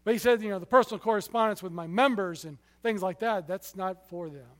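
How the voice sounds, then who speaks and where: A man preaching a sermon, telling stories with passion, his loudness rising and falling sharply. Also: high-pitched, brisk, long reverb tail.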